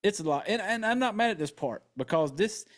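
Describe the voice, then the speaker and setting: A man hosting a podcast, retelling a film in an excitable, profane, casual way and acting out characters' lines. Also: high voice, a little fast. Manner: acts out characters' lines in quotes. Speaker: podcast host. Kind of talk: casual movie recap.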